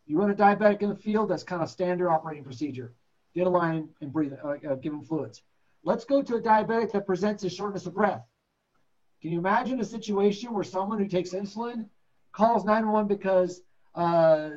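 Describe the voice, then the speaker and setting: A man's voice: high voice, a little fast, darkish tone, highs cut off. A man teaching paramedics in a classroom lecture, blunt and joking, acting out patient stories. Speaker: paramedic instructor.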